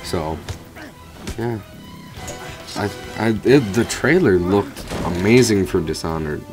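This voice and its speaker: Low-voiced man swearing through gameplay. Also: animated, slow, music in the background. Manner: rambling, swears casually at the game. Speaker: gamer commentator. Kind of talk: let's play commentary over gameplay.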